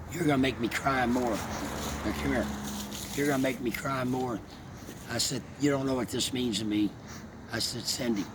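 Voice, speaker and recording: Guy rambling thru a heartfelt story, mid-pitched voice, lots of noise and cars going by behind him. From Alabama. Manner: rambling, heartfelt, halting restarts. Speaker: vlogger. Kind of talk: emotional personal storytelling. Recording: steady background noise, vehicle sounds.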